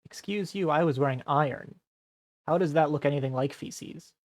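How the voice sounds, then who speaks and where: Deadpan, teasing male streamer. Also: on the high side, moderate pace, no echo. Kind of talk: role-play stream.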